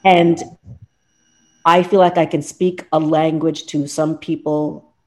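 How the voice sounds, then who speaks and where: In a low, level voice, this woman talks slowly. She's a guest in her fifties, a lawyer and law professor, answering a casual interview in an earnest, heartfelt manner with frequent restarts.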